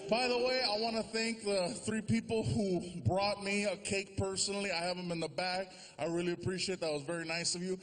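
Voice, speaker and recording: A man doing stand-up comedy on a large theater stage, animated, switching quickly into character voices. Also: high voice. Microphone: stage microphone.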